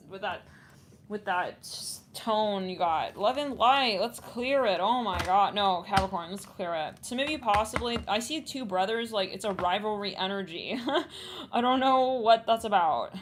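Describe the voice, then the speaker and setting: A woman gives a casual tarot reading, thinking aloud in a chatty, rambling way that often trails off and starts over. Her voice sits at an ordinary middle pitch. There is clear background noise with some clicks. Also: lively intonation, measured pace. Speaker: tarot reader.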